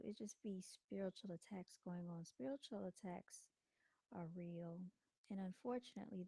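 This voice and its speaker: A woman's voice: medium pitch, vocal fry, warm tone, dry recording. A woman hosting her own livestream, chatting casually and calling her viewers "y'all" on a desk microphone at home. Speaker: livestream host. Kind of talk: casual live-stream talk.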